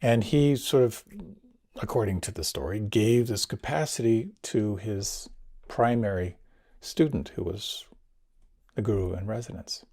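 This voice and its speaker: An older man, a meditation teacher, recounting his experiences in a reflective storytelling talk, swinging between near whispers and lively bursts. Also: lowish voice, measured pace. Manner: animated, drops to near whispers and rises again.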